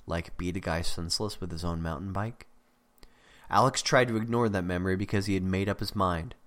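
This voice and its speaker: Brief: male audiobook narrator, lowish voice, steady storytelling. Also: brisk. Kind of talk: scripted narration.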